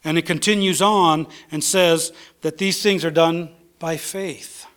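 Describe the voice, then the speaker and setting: A man preaches a sermon in a church, his voice sitting slightly higher than most men's. He reads scripture aloud, stops for fillers, then drives his key points home by saying them twice. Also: steady tone, unhurried, a bit bright, smooth. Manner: preaches with rising emphasis, repeats key phrases. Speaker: pastor.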